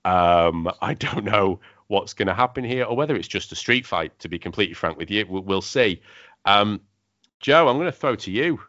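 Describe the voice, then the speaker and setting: Casting: low-voiced podcast co-host, halting and hesitant, dry close sound. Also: male voice, expressive, a bit bright, no room sound, dull audio. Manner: hesitant, lots of ums. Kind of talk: casual chat.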